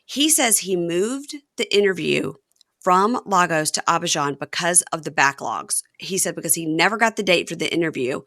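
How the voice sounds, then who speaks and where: A woman's voice: lowish voice, moderate pace, no echo, studio quality. A woman hosting a podcast, recapping a show in casual chat and acting out the quotes. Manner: animated retelling, acts out the quotes. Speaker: podcast host.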